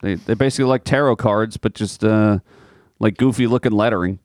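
A man's voice: fairly low pitch, a little fast, a little mellow, no echo, studio quality. A man co-hosting a podcast in casual chat, telling rambling, profane stories and laughing often. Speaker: podcast co-host.

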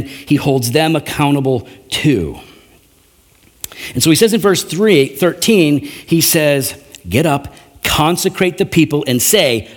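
A man preaching a sermon, animated and conversational, with frequent restarts and acted-out quotes. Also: a little high, husky. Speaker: pastor.

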